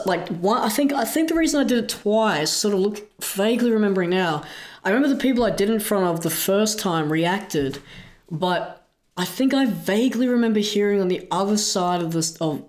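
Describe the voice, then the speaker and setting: A man casually recounting a story from his past, talking loosely with lots of likes and asides. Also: high voice. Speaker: wrestler recalling a story.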